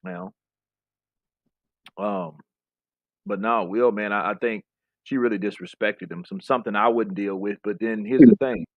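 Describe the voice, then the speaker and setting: A man's voice: fairly low pitch, expressive, moderate pace, long pauses, no room sound, highs cut off. A man co-hosting a podcast in casual chat, rambling and profane, often trailing off mid-thought. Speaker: podcast co-host.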